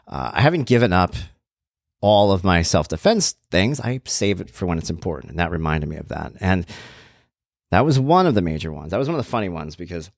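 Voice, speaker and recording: A man casually telling a personal story in an animated way, acting out what people said. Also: deep voice, dry recording, studio quality. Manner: animated, acts out quoted exchanges; conversational with fillers and swearing.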